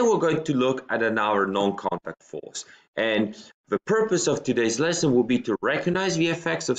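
A male teacher giving a recorded science lesson from a room at home, explaining step by step in a patient way and often checking in with "okay?". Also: medium pitch.

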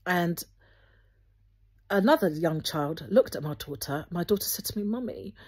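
A woman, speaking earnestly to her viewers with Christian encouragement, gently instructive and often restarting her sentences. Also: lowish voice, moderate pace, husky. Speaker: Christian video host.

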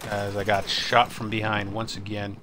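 A man streaming a war shooter, wisecracking and reacting excitedly while he plays. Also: lowish voice, normal speed, noisy background. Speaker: game streamer. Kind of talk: live gameplay commentary. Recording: game audio loud behind voice. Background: loud gunfire and game sounds.

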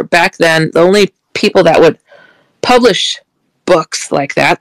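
Chatty woman with a gravelly edge. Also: on the low side, dry recording, poor audio. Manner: chatty, laughs often, acts out quoted dialogue. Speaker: author and paranormal speaker. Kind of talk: casual storytelling.

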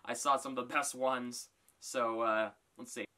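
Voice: mid-range voice, steady tone, measured pace, bright, forceful tone. A YouTuber hosting a casual reaction vlog, reading tweets aloud and reacting with frequent exclamations. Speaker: YouTuber host.

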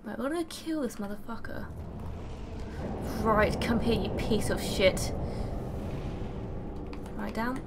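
A young woman giving let's play commentary, swearing freely with loud exclamations while she plays. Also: medium pitch, animated, slow pace, pauses often, very noisy. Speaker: gaming channel host.

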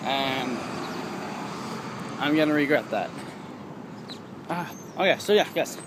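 A young man vlogging outdoors in a casual, rambling rant, animated and prone to high mocking squeals. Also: takes it slowly. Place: outdoors, walking in town. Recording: outdoor street noise behind.

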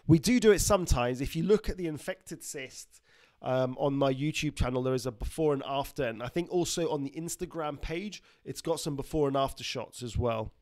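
A man's voice: medium pitch, brisk, darkish tone, dry recording. A man, a doctor hosting a casual live stream, reading out viewers' names and places and joking with the chat. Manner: reads out viewer names and greetings, jokey.

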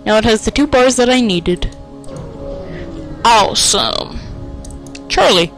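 A man giving let's play commentary, excitable and self-mocking, with sing-song taunts. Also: high-pitched, slow pace, soft background music, rough recording. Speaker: gamer.

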